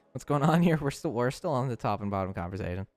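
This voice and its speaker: Laughing, lively young male streamer. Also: mid-range voice. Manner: playful, teasing, laughs often, stumbles over words. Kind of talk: casual chat with live chat.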